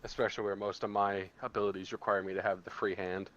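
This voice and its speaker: A man's voice: fairly low pitch, level tone, fast talker, fairly bright tone, dull audio. A man playing a tabletop game, chatting with dry jokes. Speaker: player. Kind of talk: casual chat at a tabletop game.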